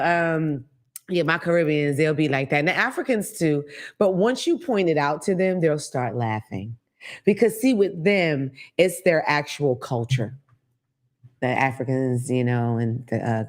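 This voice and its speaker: A woman hosting a casual monologue, telling stories in a profane, animated way and acting out quotes. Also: on the low side, normal speed. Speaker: host.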